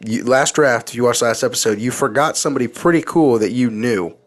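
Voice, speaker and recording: Male podcast co-host, loose and jokey, middle pitch. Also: brisk. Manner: joking, loose, sings lyrics in a flat voice. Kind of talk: casual chat.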